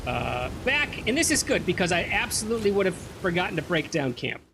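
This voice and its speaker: A man's voice: high-pitched, sing-song, a little fast, creaky, sharp tone, slight background noise. A man casually commenting on his playthrough of a game, chatty and joking. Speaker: let's play gamer.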